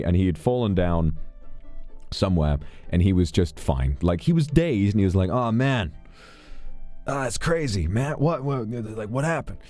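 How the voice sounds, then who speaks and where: A man's voice: sits low, warm tone. A British man chatting casually on a stream, rambling and swearing freely as he tells stories.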